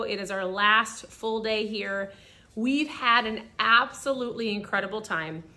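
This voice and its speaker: A woman in her forties, hoarse and raspy, chatting upbeat and motivational as host of a live stream. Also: medium pitch, bright, forceful tone. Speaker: podcast host. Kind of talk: casual live-stream chat.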